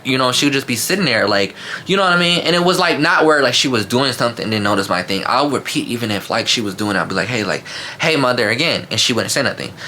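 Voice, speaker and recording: A man telling a casual storytime vlog, animated and slangy, with lots of fillers and asides to his viewers. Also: mid-range voice.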